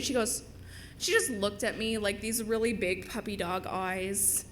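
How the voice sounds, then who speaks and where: A young woman from Minnesota telling a personal story on stage to a live audience, chatty and animated. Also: mid-range voice, unhurried, slight background noise.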